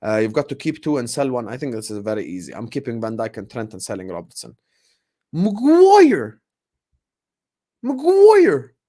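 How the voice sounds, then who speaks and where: A young man in his late twenties hosts a loose live Q&A for his football channel, thanking viewers and riffing on their questions. His talk is animated and chatty, and he often says a line twice. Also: fairly low pitch, fast talker, hardly any pauses. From grew up partly in the UAE. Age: 20s. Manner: animated, repeats phrases, warm thanks to viewers. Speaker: YouTube football channel host. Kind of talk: casual live Q&A chat.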